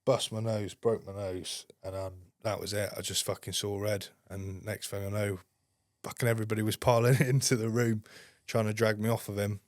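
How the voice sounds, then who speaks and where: A man's voice: on the low side, level tone, normal speed, dry recording, clean studio sound. A man, a podcast guest, telling a story in a casual, blunt way and swearing constantly.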